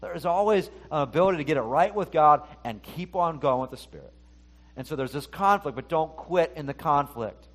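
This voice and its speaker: A man's voice: fairly high pitch, animated, brisk, fairly bright tone. A middle-aged male pastor giving a conversational sermon, talking to the congregation and acting out the inner voices he quotes.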